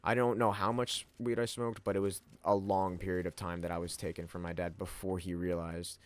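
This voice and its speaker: A man's voice: deep voice, little pitch movement, fairly quick. A young man telling a rambling personal story, full of slang, swearing and laughter. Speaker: vlogger. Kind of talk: casual storytelling to camera.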